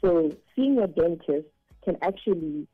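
Low-voiced woman dentist on a muffled line. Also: lively intonation, measured pace, slightly rough. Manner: friendly, explanatory, laughs easily. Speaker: dentist guest. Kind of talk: radio interview. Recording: muffled line with faint music.

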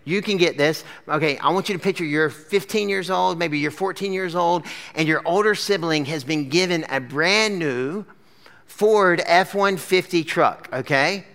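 A man's voice: a little high, normal speed, gravelly, a bit bright. A man preaching a casual sermon to a live crowd, telling the story in a chatty way full of "like" and "okay?". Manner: chatty, lots of fillers like "like" and "okay?". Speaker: pastor. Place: church gathering with a screen.

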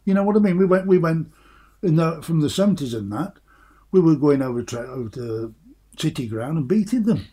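A former footballer, now older, reminisces casually about his playing days in a husky, mellow voice pitched a little high for a man. He speaks animatedly, a little fast and with lively intonation, repeating words as he warms to each story.

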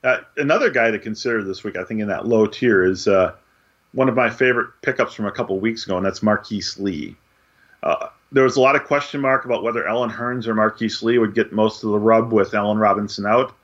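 A man co-hosting a casual sports podcast, talking through picks in a measured, analytical way with frequent fillers. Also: on the low side, a bit bright, dull audio. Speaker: podcast co-host.

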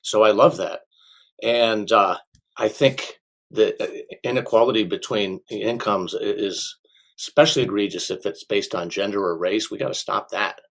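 A middle-aged man, an auctioneer, answering interview questions in an unhurried way, sometimes slipping into a rhythmic auction chant. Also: lowish voice, creaky, a bit bright. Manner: unhurried, with restarts and a sing-song auction chant demo. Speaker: auctioneer and small business owner.

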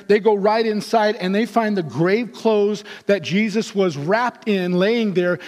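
Male pastor, animated storyteller, pitched high, long hall reverb. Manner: animated, acts out characters' voices. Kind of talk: storytelling sermon.

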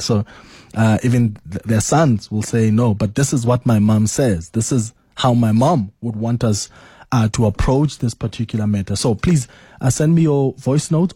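A man hosting a radio call-in show, relaxed and full of fillers as he invites listeners to call in. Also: mid-range voice, husky, dry recording. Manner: easygoing, filler-heavy, inviting callers. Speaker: radio talk show host.

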